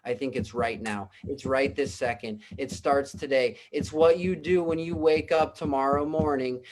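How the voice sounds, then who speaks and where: A man's voice: mid-range voice, steady tone, normal speed, darkish tone. A man giving an earnest, emphatic motivational pep talk as a guest speaker on a business call. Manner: earnest, emphatic, repetitive exhortations. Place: home in Costa Rica.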